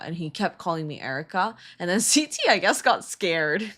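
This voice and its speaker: Lively swearing woman telling a story. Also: fairly low pitch, moderate pace. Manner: animated, laughing, swears freely, many fillers. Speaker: streamer, co-host with her husband. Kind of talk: casual storytelling chat.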